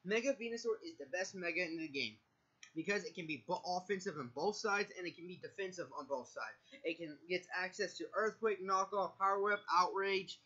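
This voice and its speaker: A video creator nervously talks through his draft picks in a casual monologue, stumbling and correcting himself often. His voice is high, bright and forceful, a little fast. The sound is lo-fi.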